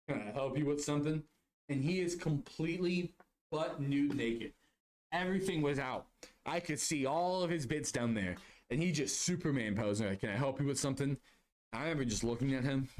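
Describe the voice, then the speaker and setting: A young man hosting a podcast, telling job anecdotes in a rambling, animated way with lots of restarts. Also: mid-range voice. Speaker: podcast host. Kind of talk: casual storytelling monologue.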